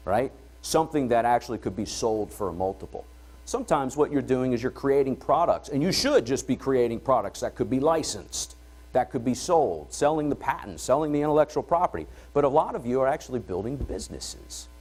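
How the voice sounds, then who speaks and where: A middle-aged man opens a conference from the stage, his pitch rising and falling freely as he talks. He keeps it conversational and energetic, checking in with the room as he goes. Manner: energetic, conversational, asks "all right?" to the room. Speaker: event host and entrepreneur. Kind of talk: conference opening talk. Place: conference hall before an audience.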